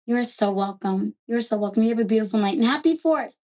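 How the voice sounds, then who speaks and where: A woman from New York with a New York accent, hosting a call-in psychic reading in a fast, chatty, affectionate way. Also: a little high, a little mellow, lo-fi sound, a little hiss or hum. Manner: fast, chatty and affectionate, calls callers love. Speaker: psychic reader host.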